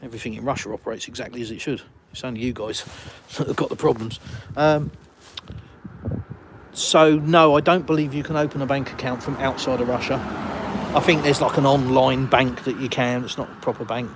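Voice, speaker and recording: A man's voice: medium pitch, steady tone, a little fast, noisy background. A man from the UK with an English accent, hosting a live stream from a village and answering chat questions with blunt, dry sarcasm. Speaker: livestream host. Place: outdoors in a village.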